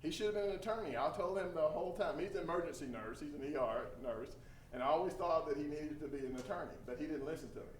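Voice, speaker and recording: A middle-aged man from Texas, a trainer giving a lively storytelling talk to a group. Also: fairly high pitch, fast talker. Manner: animated storyteller, acts out quoted voices. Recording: echoey room from a distance, faint hum.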